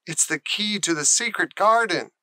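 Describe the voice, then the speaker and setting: A man's voice: sits high, normal speed, pushed and bright, dry recording, pitched above the performer's own voice. Man voicing a hopeful young storybook girl. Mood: eager. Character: young girl, eager and determined.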